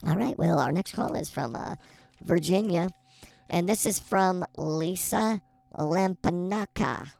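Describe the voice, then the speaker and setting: A man co-hosting a comedy podcast, reading listener questions slowly with playful teasing. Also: high-pitched, gravelly, a little mellow, no echo.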